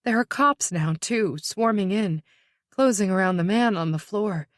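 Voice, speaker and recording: A woman narrating a suspense audiobook at a slow, deliberate pace, her delivery tense and measured, sinking to a whisper at the darkest moments. Her pitch sits in the middle of the range, and the close, dry recording carries no room sound. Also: expressive, dry recording. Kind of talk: scripted narration.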